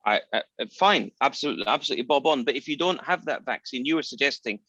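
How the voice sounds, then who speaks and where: A man's voice: mid-range voice, lively intonation, quick pace, bright, forceful tone, slightly rough, dry recording, dull audio. A man co-hosting a podcast, giving strong opinions with lots of ums and restarts. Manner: opinionated, hesitant with many fillers. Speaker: co-host. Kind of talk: casual podcast chat.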